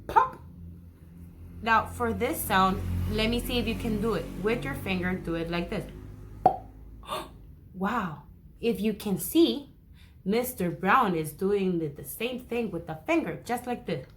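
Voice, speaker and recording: Slow, encouraging woman teaching young kids. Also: medium pitch, soft background music. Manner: encouraging, speaks to young children, imitates animal sounds. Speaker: first grade teacher. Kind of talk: remote class lesson, crafts and read-aloud.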